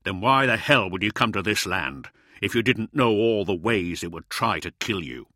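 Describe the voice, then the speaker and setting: A man's voice: on the low side, expressive, moderate pace, sharp tone, no room sound, studio quality. A man voicing a hardened male ice mariner who barks orders and talks sternly.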